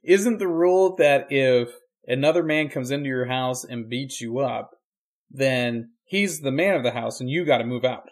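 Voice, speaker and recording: In this casual podcast conversation, the relaxed preacher co-host speaks at a moderate pace in a middle male register, musing out loud reflectively. Now and then he adds a deadpan, dry joke.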